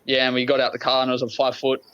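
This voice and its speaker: A man's voice: medium pitch, monotone, racing, fairly bright tone, smooth. An Australian man, a podcast guest, telling a story in a laid-back, enthusiastic way. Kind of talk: casual storytelling. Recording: dull, lo-fi remote audio.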